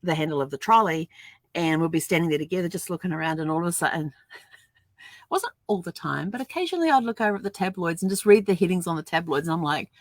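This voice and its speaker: A woman's voice: lowish voice, expressive, quick pace, dry recording. An older woman chatting casually to camera at home, laughing often and acting out little dialogues as she tells stories. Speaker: vlogger. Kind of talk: casual storytelling vlog.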